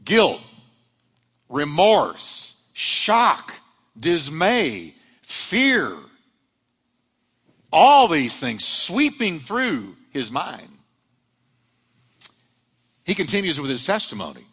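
A man's voice: a little high, huge pitch swings, very slow, pauses often, a bit bright, husky, in a large hall. A male pastor preaching a sermon to his church, rising and dropping dramatically as he drives his points home.

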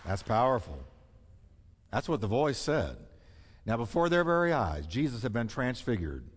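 A man's voice: big pitch swings, moderate pace, husky, some chatter behind. Emphatic preacher man in a reverberant hall. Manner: emphatic, swings between loud high peaks and low hushed asides. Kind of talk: sermon. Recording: long reverb of a large hall.

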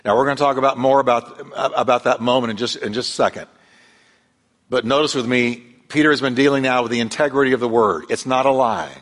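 A male pastor preaching a sermon, telling the story with lively emphasis and acting out the voices he quotes. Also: medium pitch, fast talker. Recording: long hall reverb.

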